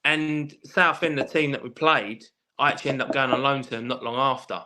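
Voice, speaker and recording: A man's voice: mid-range voice, a little fast, background noise. A man telling stories in a casual podcast chat, swearing freely and restarting his sentences often. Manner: animated storyteller, swears freely, many restarts. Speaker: guest, former footballer.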